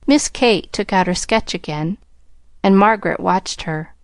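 A woman reading a classic novel aloud as an audiobook narrator, with measured, even storytelling. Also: medium pitch, no echo. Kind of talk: scripted narration.

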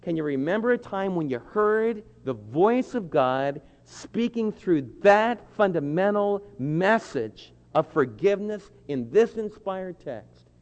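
A man preaching a sermon, earnest and pleading, slowing down to lean on key phrases. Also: high voice, very animated. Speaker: pastor. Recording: dull lo-fi with long hall reverb.

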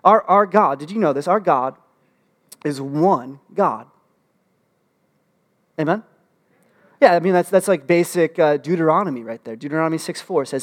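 Man, pastor giving a sermon, fairly high voice, lively humorous delivery, repeats words as he goes. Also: normal speed, long pauses. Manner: animated, humorous asides with rising excitement; frequent restarts and filler words.

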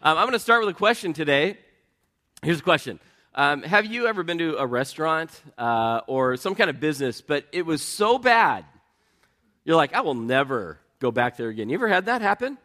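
A man preaching a sermon as pastor, in a conversational storytelling way with self-deprecating humor, getting lively as he tells anecdotes. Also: on the high side, normal speed. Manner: lively, rising when telling anecdotes.

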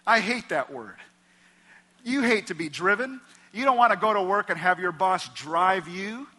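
A man with a bright, forceful voice preaching in a church sanctuary, his words ringing through a long hall reverb. He delivers the sermon with passion, dropping down low and quiet whenever he quotes someone. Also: lively intonation, normal speed. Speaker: pastor.

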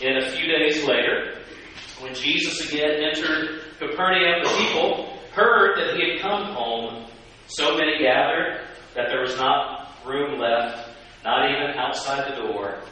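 A man preaching a sermon and asking the congregation questions, lively and animated. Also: mid-range voice. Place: church sanctuary. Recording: echoey church from a distance with hiss.

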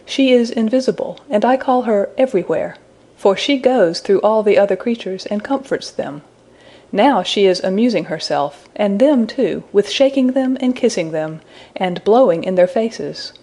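A woman voicing an innocent young woman in a storybook reading, speaking softly and soothingly. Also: medium pitch, lively intonation, normal speed. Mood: tender. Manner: soft, soothing and wondering. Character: innocent gentle young woman, tender and motherly.

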